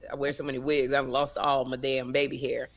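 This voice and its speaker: A woman co-hosting a comedy podcast, telling stories in a sassy, animated way and acting out voices. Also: very deep voice, fairly quick. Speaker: podcast co-host. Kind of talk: casual comedic storytelling.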